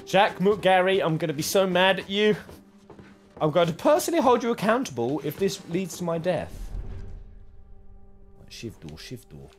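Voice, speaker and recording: A man commentating his own gameplay, swinging from quiet mumbling to sudden yells. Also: high voice, fairly quick, soft background music. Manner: excitable, swings from mumbling to yelling. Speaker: gaming streamer.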